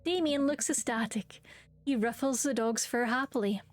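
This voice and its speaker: A woman's voice: on the high side, moderate pace, soft background music. A woman streaming a dating game, reading its lines aloud with playful comments and silly voices.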